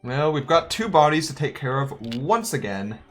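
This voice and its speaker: A man talking through a game in a loose, joking, let's-play manner, often thinking out loud. His voice sits a little high, and soft music plays quietly underneath. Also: very animated, normal speed. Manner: chatty, joking, thinks aloud. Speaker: gaming YouTuber.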